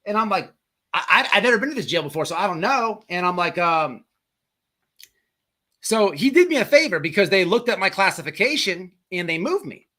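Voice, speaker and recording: Casual male livestream host, swears freely, trips over repeated words, bright timbre. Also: high voice, very animated, fairly quick. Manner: rambling, profane, repeats words.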